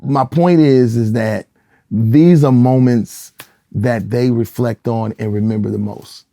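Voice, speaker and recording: Telling stories at a slow pace in a relaxed interview, a middle-aged Michigan gospel singer and pastor has a mid-range voice with a gravelly edge. He animates the people he quotes by acting them out. It's recorded close and dry, without echo or room sound.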